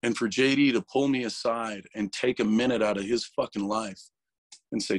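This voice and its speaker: A man's voice: mid-range voice, fairly even intonation, normal speed, no echo. A man speaking as an interview guest, talking candidly and emotionally, swearing freely and restarting his words. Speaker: interview guest, metal vocalist.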